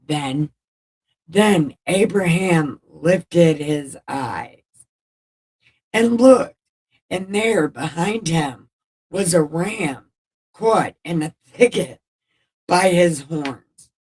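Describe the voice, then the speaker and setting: A woman's voice: low voice, animated, drawn-out words, a little mellow, breathy edge. Irreverent woman retelling Bible stories. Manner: irreverent, swears, loose paraphrase. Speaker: Bible-reading video host. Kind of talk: casual Bible retelling with commentary. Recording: voice a bit distant from the mic.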